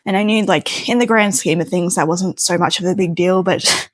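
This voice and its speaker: A woman's voice: on the low side, moderate pace, no echo. A young adult woman telling a personal story in a chatty way, with plenty of casual fillers.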